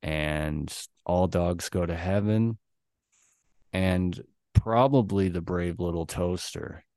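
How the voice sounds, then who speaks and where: A young man hosts a casual podcast in a low, smooth, clear voice. He rambles through stories with plenty of fillers and laughter. The sound is dry and close. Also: slow pace, darkish tone, dry recording. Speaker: podcast host. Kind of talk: casual chat.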